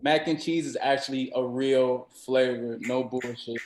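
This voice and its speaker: An upbeat man hosting a comedy game, announcing rounds and reading out choices. His voice has a mid pitch and carries a roomy echo. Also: fairly even intonation, unhurried, background noise. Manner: upbeat, reads out options. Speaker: game host.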